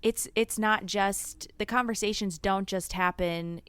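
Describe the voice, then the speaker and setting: A woman's voice: mid-range voice, fairly even intonation, unhurried, a bit bright, smooth, dry recording. A woman co-hosting a podcast, talking in a thoughtful, searching way. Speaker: podcast co-host. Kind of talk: casual reflective chat.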